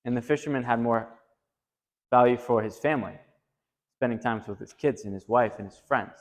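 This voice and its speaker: Man telling a story in an echoing hall. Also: moderate pace. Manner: animated, rising pitch when quoting. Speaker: retreat discussion leader. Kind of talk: storytelling to a group. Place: retreat meeting room.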